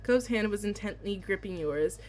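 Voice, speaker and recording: A woman streamer reading a visual novel aloud, excitable and giggly, with squealing reactions between read passages. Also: mid-range voice, moderate pace, faint music behind.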